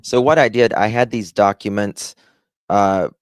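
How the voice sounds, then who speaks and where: A man's voice: fairly low pitch, measured pace, dry recording, studio quality. A man with a Southern accent hosting a casual live stream, rambling as he reads the chat aloud and thanks viewers. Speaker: livestream host.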